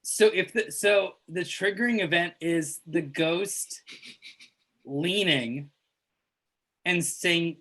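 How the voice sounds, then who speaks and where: Woman game master, unhurried and thinking aloud, lower pitch. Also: fairly bright tone. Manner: halting, thinking aloud, amused. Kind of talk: running a tabletop game.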